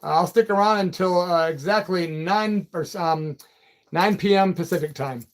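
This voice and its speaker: Speaking at normal speed in a high-pitched voice, this livestream and radio host from Peoria, Illinois, runs a casual live chat. He reads viewer comments aloud, friendly and relaxed, addressing people as "man" and "brother."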